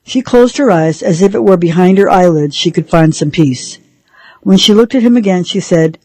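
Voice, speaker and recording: A woman reading a novel aloud for a radio reading service, in a measured storytelling manner. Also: on the low side, lively intonation, a little mellow, no echo, low-quality recording. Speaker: radio reader.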